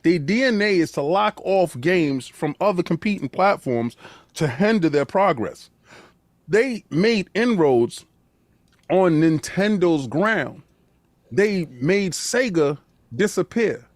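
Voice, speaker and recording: A man's voice: high voice, takes it slowly, no room sound. A man hosting a podcast, ranting emphatically with many restarts in a casual conversation. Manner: emphatic, animated, repeats words when starting a sentence. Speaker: podcast host.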